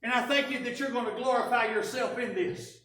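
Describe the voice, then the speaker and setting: A woman voicing a calm, gentle male teacher in a sermon, speaking in a measured way. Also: fairly high pitch, close to an everyday voice. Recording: echoey church from a distance.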